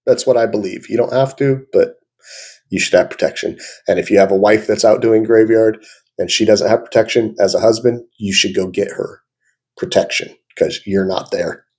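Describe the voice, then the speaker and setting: Low-voiced, opinionated reaction host. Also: male voice, moderate pace, darkish tone. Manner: opinionated, chatty, with frequent fillers. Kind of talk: casual reaction commentary.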